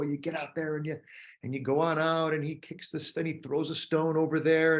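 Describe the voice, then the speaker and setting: A man in his fifties, a coach talking casually to other coaches, telling animated stories and acting out little voices. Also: brisk. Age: 50s. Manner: drops to a soft, low voice on key points. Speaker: coach leading a group call. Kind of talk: casual talk to fellow coaches.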